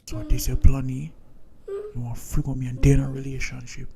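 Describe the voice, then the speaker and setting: Man voicing a gravelly jealous Jamaican young man. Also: mid-range voice, huge pitch swings, crowd noise. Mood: accusing. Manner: patois-heavy, accusing, quick to bicker. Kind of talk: cartoon voice acting.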